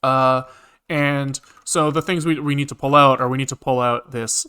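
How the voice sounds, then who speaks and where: A man's voice: mid-range voice, fairly even intonation, moderate pace, pushed and bright, clean tone. A man streaming live coding, rambling casually with lots of fillers and the odd swear as he thinks aloud. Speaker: programming streamer.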